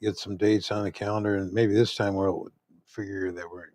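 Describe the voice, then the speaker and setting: A man's voice: on the low side, flat delivery, moderate pace, a little mellow, dry recording. A male podcast co-host chatting casually, with short, easygoing replies. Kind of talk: casual chat.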